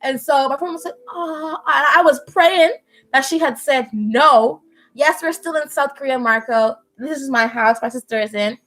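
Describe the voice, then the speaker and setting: A young Bahamian woman chatting at home on a live stream, telling an animated story and often laughing. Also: sits high, moderate pace, low-quality recording. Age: young adult. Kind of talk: casual chat, storytelling. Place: at home indoors.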